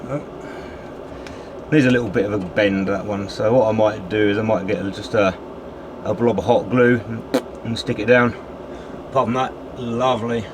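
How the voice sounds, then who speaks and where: A man's voice: lowish voice, fairly even intonation, moderate pace, pauses often, noisy background. A man giving casual running commentary in his workshop, muttering and swearing as he works. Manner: chatty, muttering and humming while working, swears casually. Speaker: DIY video maker.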